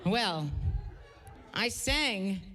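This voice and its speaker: A singer-songwriter woman telling an animated, chatty story before a song, with laughing asides. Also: medium pitch, very slow, long reverb tail, a faint crowd.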